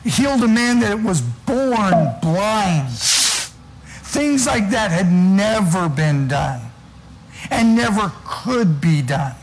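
A man preaching a sermon with a high voice, taking his time and leaning on each word as he reads scripture. A faint hum of ambience sits behind him. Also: very animated, low-quality recording. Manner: preaching with slow, weighty emphasis and scripture reading.

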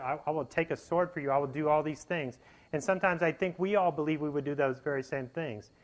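Male preacher, mid-pitched voice, earnest conversational sermon delivery with frequent restarts. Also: low-quality recording.

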